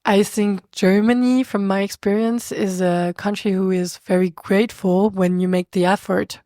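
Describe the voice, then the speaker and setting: A young French woman with a French accent is a guest on a podcast, chatting casually and animatedly, often laughing and restarting sentences in this conversational interview. Her voice is mellow and medium-pitched with fairly even intonation at normal speed. The audio is studio quality with no room sound.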